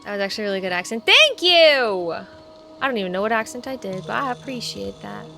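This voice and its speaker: A woman's voice: mid-range voice, very fast, gravelly. A woman chatting casually on a live stream while gaming, reacting aloud and greeting viewers. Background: game music.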